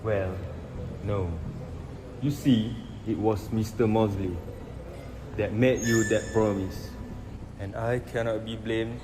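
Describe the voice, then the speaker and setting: A man doing a polite, dry, evasive official, low voice, noisy background. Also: fairly even intonation, slow, long pauses. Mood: cool. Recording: clear background noise.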